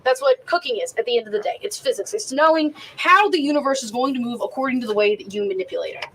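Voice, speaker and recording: A woman's voice: fairly high pitch, expressive, fast, a bit bright, a little hiss or hum, poor audio. Chatty, foul-mouthed woman cooking outdoors. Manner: chatty, profane, rambling rants. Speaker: cooking show host and chef. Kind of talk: casual cooking demonstration. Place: outdoors behind a stadium.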